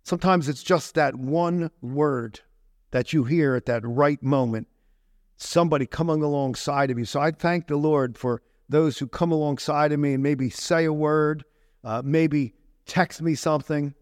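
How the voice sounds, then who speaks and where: A man's voice: a little high, moderate pace, no echo, studio quality. A man pastor preaching a conversational sermon, full of rhetorical questions and asides to the congregation.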